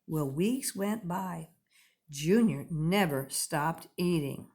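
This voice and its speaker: A woman reads a children's picture book aloud, slowly and clearly. Her pitch rises and falls with lively expression, keeping young listeners engaged.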